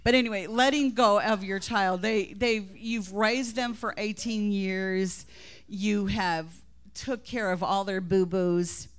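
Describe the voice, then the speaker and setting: Slow and smooth, with a medium pitch and a steady tone, a middle-aged woman tells tender family stories during a church talk. She is the host's mother, there as a guest, and she laughs and nearly cries as she speaks.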